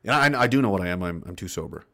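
A man hosting a live stream, reading chat and ranting sarcastically, swinging between loud and soft. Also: deep voice, expressive, rapid-fire, vocal fry, heavy background noise. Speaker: livestream host.

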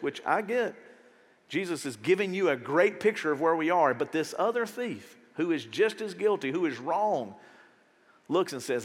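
A man preaching from the stage with a high, bright voice that leaps up and down in pitch. He talks to the crowd like a friend, throws out quick rhetorical questions, and acts out short scenes. His voice rings with the long echo of a big hall. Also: big pitch swings. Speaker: pastor. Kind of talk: sermon. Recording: reverberant hall sound.

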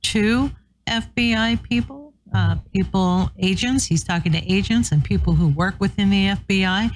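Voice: mid-range voice, moderate pace, low-quality recording. A co-host on a talk show, agreeable, chiming in with short affirmations. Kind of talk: casual talk show chat.

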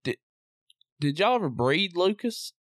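A man's voice: high voice, big pitch swings, unhurried, no echo, studio quality. A man interviewing a dog breeder, asking questions hesitantly with many fillers. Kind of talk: casual interview.

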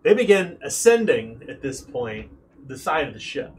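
A man running a tabletop game as game master, describing scenes in an animated way with frequent fillers. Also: medium pitch, moderate pace, a little hiss or hum.

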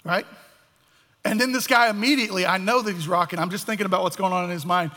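A man preaches a sermon, his voice high and bright. He talks animatedly and slips into the voices of the people in his story. The sound carries the long echo of a hall. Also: quick pace. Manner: animated, acts out voices of biblical figures. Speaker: pastor. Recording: echoey hall.

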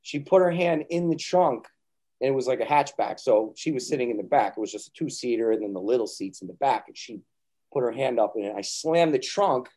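A man's voice: medium pitch, expressive, brisk, warm tone. A man chatting as a podcast guest, telling loose stories full of swearing and acted-out quotes. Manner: storytelling, swears, acts out quotes. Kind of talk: casual chat.

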